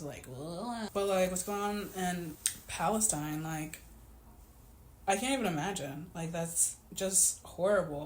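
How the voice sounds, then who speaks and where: A woman in her twenties chatting casually to camera in a vlog, animated and full of "like". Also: fairly low pitch. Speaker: vlogger. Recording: echoey room, faint background noise.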